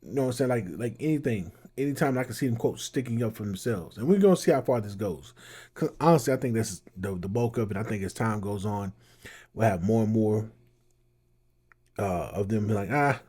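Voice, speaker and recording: A man hosting a casual reaction show. His voice is husky and mellow, and his talk rambles loosely, like chat. He sounds relaxed and conversational. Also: lowish voice, fairly quick. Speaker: commentary host.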